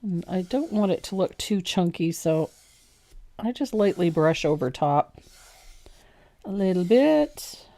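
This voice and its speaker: Lady painting teacher on a livestream, kinda low voice, chatty, laughs a lot. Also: expressive, measured pace, pauses often, warm tone. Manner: chatty, laughs easily, self-deprecating. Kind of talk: live painting tutorial.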